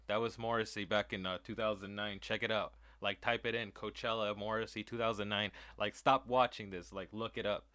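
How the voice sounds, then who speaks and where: Sarcastic man with a bright, clear voice. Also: lowish voice, fairly even intonation, fairly quick, few pauses, no room sound. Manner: mocking, rambling asides. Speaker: host reacting to a video. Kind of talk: casual sarcastic commentary.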